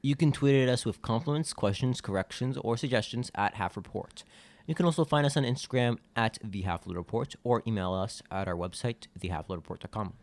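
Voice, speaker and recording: A man's voice: medium pitch, brisk, darkish tone, dry recording. A man co-hosting a podcast in casual chat, laid-back and teasing, reading out contact details. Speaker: podcast co-host.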